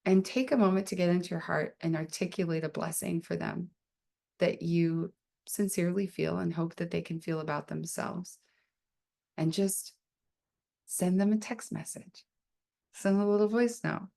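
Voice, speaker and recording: Woman host for a spiritual circle call, low, gravelly, gentle and slow, affectionate. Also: fairly even intonation. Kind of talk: guided spiritual circle, casual.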